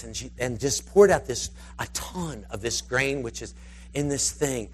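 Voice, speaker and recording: A man preaching, telling a rambling, animated story and slipping into the voices of its characters. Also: mid-range voice, normal speed, a little hiss or hum. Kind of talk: storytelling sermon.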